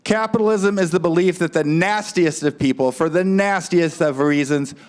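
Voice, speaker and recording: Male guest speaker, playful quizmaster, higher-pitched voice. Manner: playful, quick asides to the audience. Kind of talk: comic quiz and puppet show for a congregation.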